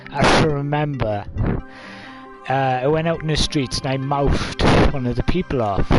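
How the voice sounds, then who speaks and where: A man of twenty-five, telling a story casually to camera with lots of fillers. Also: mid-range voice. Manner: rambling, many fillers, coughs and laughs.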